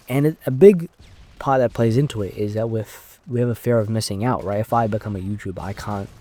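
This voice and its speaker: A man's voice: on the low side, warm tone. A man in his twenties talking off the cuff in a casual, rambling monologue, recorded inside his car. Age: 20s. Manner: unscripted, rambling, thinking aloud. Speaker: YouTuber.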